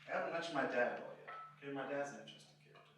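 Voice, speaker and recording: A man's voice: medium pitch, racing. A young man doing a stand-up comedy set, rambling and self-deprecating, with lots of "you know" in his talk. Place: live comedy venue with audience. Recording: very echoey, distant, noisy live room.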